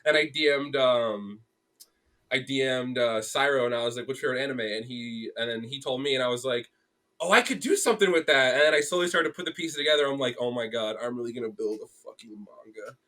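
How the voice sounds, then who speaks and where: A young man with a bright, forward voice tells a story in easygoing podcast chat. He acts out what people said, full of "like" and quick restarts. His pitch sits mid-range for a man. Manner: animated storytelling, acts out quotes, many fillers. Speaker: podcast guest, graphic artist. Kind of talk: casual chat.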